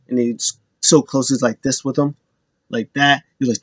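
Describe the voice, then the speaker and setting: A man's voice: mid-range voice, steady tone, moderate pace, dry recording. Man rambling through a wrestling recap. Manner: loose, rambling retelling that acts out quotes.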